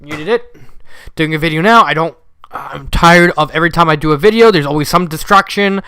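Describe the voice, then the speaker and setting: A man's voice: fairly high pitch, fairly quick, pushed and bright, smooth. A young man who just woke up, reading a fanfiction aloud with casual commentary and frequently breaking into giggles. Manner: giggly, easily breaks into laughter. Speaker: fanfiction reader.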